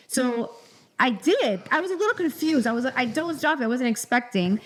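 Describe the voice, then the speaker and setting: A middle-aged woman co-hosting a podcast, telling a story in a rambling, animated way with lots of restarts. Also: on the high side, a little fast. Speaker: podcast co-host. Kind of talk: casual storytelling chat.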